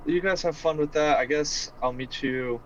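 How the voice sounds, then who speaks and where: A man's voice: fairly high pitch, moderate pace, highs cut off, a little hiss or hum. Joking man playing a tabletop game. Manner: joking, teasing, laughs often. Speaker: player. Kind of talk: casual chat about a tabletop game.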